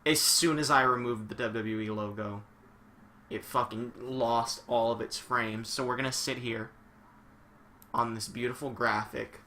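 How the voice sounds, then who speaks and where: A young man commentating a wrestling video game on a live stream, excitable and swearing a lot, shouting one moment and muttering the next. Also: medium pitch, measured pace, slight background noise.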